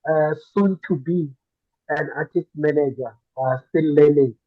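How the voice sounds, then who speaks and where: A man's voice: on the high side, measured pace, dry recording. A man from Africa, hesitantly introducing himself as an artist. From South Africa. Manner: hesitant, many fillers. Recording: dry tinny call line.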